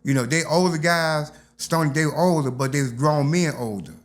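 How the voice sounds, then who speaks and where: Man, older, animated storyteller, interview guest. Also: fairly high pitch, moderate pace. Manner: animated, acts out voices in his stories.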